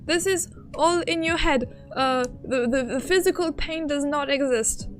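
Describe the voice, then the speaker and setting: A woman streaming her reactions to a game, flustered and excitable, reading story text aloud in between. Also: high-pitched, a little slow, soft background music.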